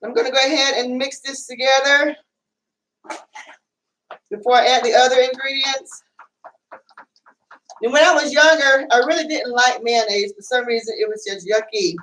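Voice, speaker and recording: A woman's voice: high-pitched, fairly even intonation, normal speed, pauses often, a bit bright, far from the mic, a little hiss or hum. A woman hosting a casual home cooking show, chatting and rambling as she cooks, with plenty of fillers. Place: home kitchen. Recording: echoey room, away from the mic.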